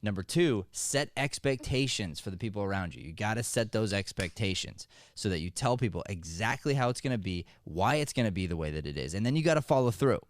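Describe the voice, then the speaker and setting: A male acting coach hosting a motivational podcast. He talks energetically and jokes with the people in the room. His voice sits on the low side, and the recording is dry and close. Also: fairly quick, hardly any pauses, dry recording. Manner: energetic, joking, conversational.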